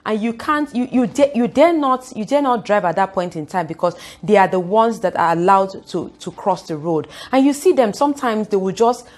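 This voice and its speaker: A young Nigerian woman with a Nigerian accent, talking fast and expressively to camera in a casual vlog. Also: mid-range voice. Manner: fast-talking, expressive, acts out quoted voices. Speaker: YouTuber.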